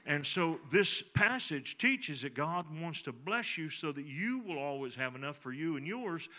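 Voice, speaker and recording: A middle-aged man preaching a sermon, telling a folksy personal story that swings between soft, confiding passages and emphatic ones. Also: fairly high pitch. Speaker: pastor.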